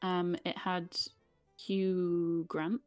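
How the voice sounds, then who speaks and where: Low-voiced woman with a Yorkshire accent. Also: flat delivery, very slow, a little mellow, clear, resonant tone, dry recording, soft background music. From York, England. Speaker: guest. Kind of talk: casual chat.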